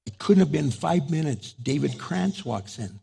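A middle-aged man with a New Mexican Chicano accent preaches a storytelling sermon. His voice is gravelly and a little husky, pitched somewhat high for a man. He acts out every exchange with big swings in pitch. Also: measured pace. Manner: animated, acts out dialogue with big pitch jumps. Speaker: pastor.

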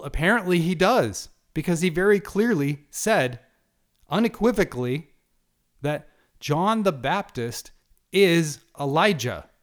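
A man giving a passionate monologue, emphatic and punchy, full of rhetorical questions. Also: on the high side. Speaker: speaker giving a monologue on religion.

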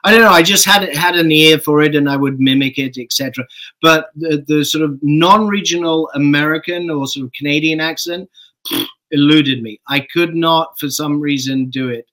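A middle-aged man from England, a guest actor, telling stories in a casual interview in a relaxed way and swearing offhandedly. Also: a little high, normal speed, low-quality recording.

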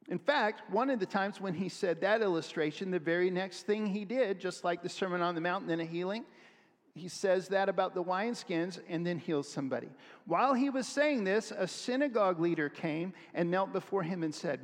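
A man preaching a sermon, reading scripture aloud and acting out the voices of people in it with animated energy. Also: sits high, normal speed, long reverb tail. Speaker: pastor.

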